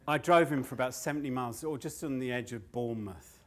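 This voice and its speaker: A man's voice: mid-range voice, fast, hardly any pauses, very noisy. An older man telling stories on stage, loose and sweary, often laughing at his own tales. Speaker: storyteller and comedian. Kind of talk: live standup storytelling.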